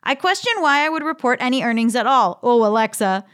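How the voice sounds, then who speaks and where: A woman's voice: a little high, expressive, a little fast, a bit bright, clear, resonant tone. A woman in her thirties hosting a podcast, chatting casually and reading listener emails aloud with amused laughs. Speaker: podcast host.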